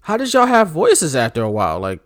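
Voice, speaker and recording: This podcast co-host is a man whose voice sits a little high and moves a little fast. He chats casually, laughing, animated, and tossing in joking asides and mock-shouted bits.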